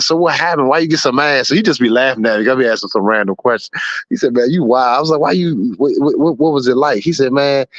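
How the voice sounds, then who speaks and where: Forties guy, blunt and profane, telling stories, mid pitch, dead dry muffled mic. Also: no echo. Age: 40s. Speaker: show host. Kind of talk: casual podcast chat.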